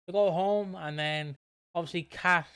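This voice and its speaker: A man's voice: sits high, steady tone, measured pace, a bit bright, smooth. A man hosting a podcast, rambling through a casual, sweary recap of a soap opera. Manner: rambling, swears casually, loses his train of thought. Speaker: podcast host.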